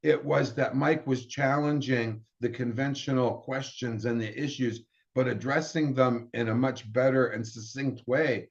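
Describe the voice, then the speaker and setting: A man's voice: medium pitch, fairly even intonation, a little slow, vocal fry, hardly any pauses. A middle-aged man telling his career story in a casual way, with restarts and acted-out quotes. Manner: rambling, with restarts and quoted dialogue. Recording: dull lo-fi sound.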